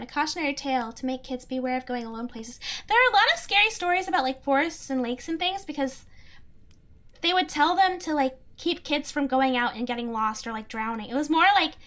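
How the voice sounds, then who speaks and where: A young woman streamer chats casually and answers her viewers, rambling with lots of "like" and breaking into giggles. Her voice sits high and sounds bright. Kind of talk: casual chat, reading chat.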